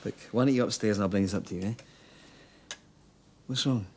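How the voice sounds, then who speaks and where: An actor playing a caring husband in a TV soap, talking in a soothing, coaxing way. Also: male voice, on the low side, moderate pace, a little hiss or hum, natural voice. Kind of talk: TV soap drama.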